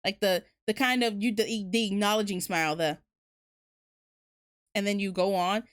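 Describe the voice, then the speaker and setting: A woman's voice: medium pitch, fairly even intonation, moderate pace. A woman streamer hosting a casual book talk, rambling candidly with lots of fillers and the odd swear word. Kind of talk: casual chat.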